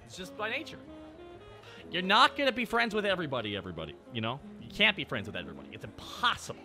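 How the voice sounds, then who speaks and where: A male streamer chatting casually and excitably, laughing often and swearing freely. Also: high-pitched, fast talker, faint music behind. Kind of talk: casual chat.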